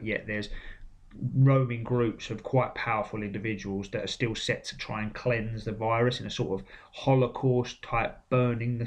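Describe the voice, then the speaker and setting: A man giving blunt, sweary, opinionated commentary on video game trailers. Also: medium pitch. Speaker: game vlogger. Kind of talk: casual commentary.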